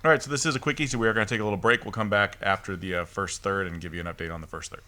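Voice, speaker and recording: A man's voice: lowish voice, fairly even intonation, rapid-fire, bright, forceful tone. A man co-hosting a casual review podcast, rambling along with lots of ums and restarts. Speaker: podcast host.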